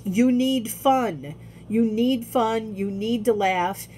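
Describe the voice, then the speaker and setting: A woman speaking candidly in a personal video diary, halting often and restarting her sentences. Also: on the high side, warm tone, a little hiss or hum. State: tearful. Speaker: vlogger.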